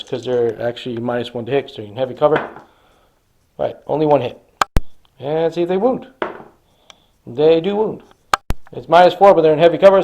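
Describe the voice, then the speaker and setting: A man's voice: mid-range voice, a little mellow, a little hiss or hum. Enthusiastic man narrating a tabletop battle. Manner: enthusiastic, dramatizes the action. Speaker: hobby wargamer. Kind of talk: casual battle report narration.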